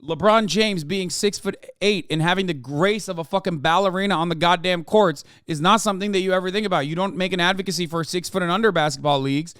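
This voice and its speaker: A man's voice: high voice, a bit bright, smooth, dry recording, clean studio sound. A man hosting a live stream, ranting heatedly and profanely about politics and mocking his critics. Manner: mocking and combative toward chat.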